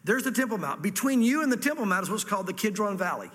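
A man's voice: high voice, sing-song, fast talker, a bit bright, big-room sound. A man from Virginia with a Southern accent, a pastor teaching a sermon through scripture with folksy asides. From Virginia, USA. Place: church hall before a congregation.

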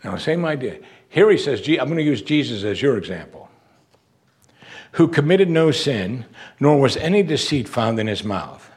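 An earnest man preaching a sermon. His voice sits at an ordinary middle pitch, and he pushes it up on the words he wants to land. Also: big pitch swings, normal speed, a little mellow. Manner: earnest, emphatic, with rising pitch on key words.

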